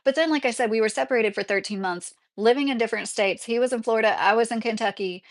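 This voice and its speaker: A woman's voice: on the high side, fast. A middle-aged woman chatting casually on a livestream, answering viewers in a rambling way with lots of fillers and frequent laughs.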